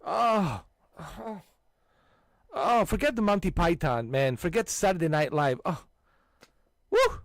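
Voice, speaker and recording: A man hosting a gaming channel, loudly swapping stories with friends and breaking into frequent laughter and exclamations. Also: fairly high pitch, lively intonation, unhurried, no echo, clean studio sound. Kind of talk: casual chat with friends.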